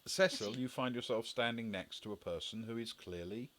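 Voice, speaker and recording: A man's voice: mid-range voice, moderate pace, a bit bright, a little hiss or hum. A man narrating a tabletop game as game master, hesitant with many fillers.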